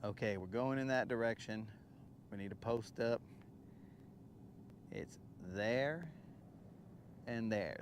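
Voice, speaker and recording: Male fishing streamer, mid-pitched, laid-back and slangy, outdoor boat audio through a phone with light background noise. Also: takes it slowly, pauses often. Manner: relaxed, talks to viewers and to the fish, slangy. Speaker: fishing livestream host. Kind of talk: casual live-stream chat while fishing. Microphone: phone camera on the boat.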